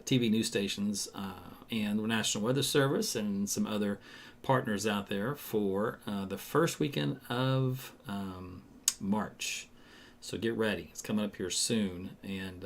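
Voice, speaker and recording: A man, a meteorologist chatting loosely through a live weather forecast with lots of fillers and asides to viewers. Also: mid-range voice.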